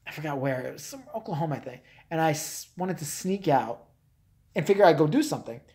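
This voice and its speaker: This Chicago live-show host talks fast and expressively in a medium-pitched, dark-toned voice. His casual stream chat wanders from story to story, full of laughter and plenty of cursing.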